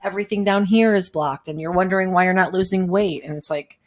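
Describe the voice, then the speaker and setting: A woman hosts a casual podcast interview, speaking emphatically and affirming her guest. Her voice sits a bit lower than most women's. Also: fast talker. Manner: warmly emphatic, affirming, talks in spiritual terms. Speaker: podcast host.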